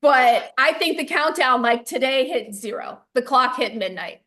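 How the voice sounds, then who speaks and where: Woman, high voice, chatty, laughs often, casual spiritual chat, video call. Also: lively intonation, moderate pace, a bit bright. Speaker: co-host.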